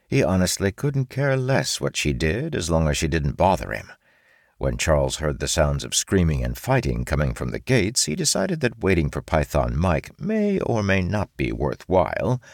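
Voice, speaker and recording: A man narrating a fantasy audiobook in a steady storytelling manner. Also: rumbling low, normal speed, creaky, no room sound, clean studio sound.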